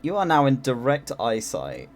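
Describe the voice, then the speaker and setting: A man's voice: mid-range voice, huge pitch swings, moderate pace, slight background noise. A man running a tabletop game as game master, narrating casually with many fillers.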